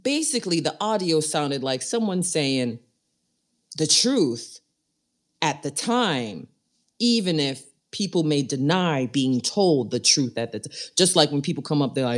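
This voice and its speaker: A woman hosting a casual live talk show, joking and riffing with her co-hosts in lively banter. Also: moderate pace. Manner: animated, jokey, swoops up into high squeals when excited. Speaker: podcast and radio show host.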